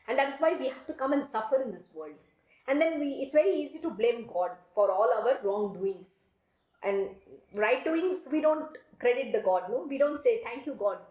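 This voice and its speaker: Earnest high-voiced woman giving a spiritual talk. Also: a little mellow, reverberant, rough recording. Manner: earnest, frequent "you know" asides. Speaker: spiritual teacher. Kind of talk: devotional discourse.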